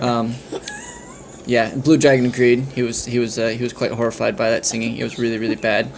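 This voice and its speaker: A man's voice: mid-range voice, little pitch movement, fairly quick, slight background noise. A man telling an improvised comic story in a casual, rambling way. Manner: rambling, full of fillers and restarts.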